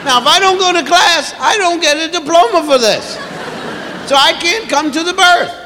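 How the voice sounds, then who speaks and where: A man doing stand-up, telling a long story slowly and acting out sounds and voices for a live audience. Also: very high voice, background noise. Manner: drawn-out, acts out sounds and voices. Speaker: stand-up comedian. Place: theater stage before a live audience. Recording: roomy live hall recording with crowd. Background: audience laughter.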